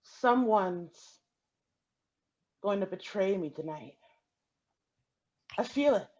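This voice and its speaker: A woman's voice: mid-range voice, animated, slow, a little mellow, lo-fi sound. A woman playing a jittery, suspicious Jesus. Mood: paranoid. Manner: jittery, defensive, rambling apologies. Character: anxious suspicious Jesus, male, thirties.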